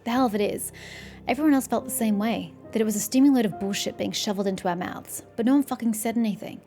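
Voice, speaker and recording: A woman reads out a disillusioned male soldier locked up awaiting trial. He talks bluntly and swears freely, tired and full of regret. Soft game music plays underneath. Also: a little high, quick pace, natural voice. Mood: bitter. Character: blunt remorseful male soldier prisoner, middle-aged.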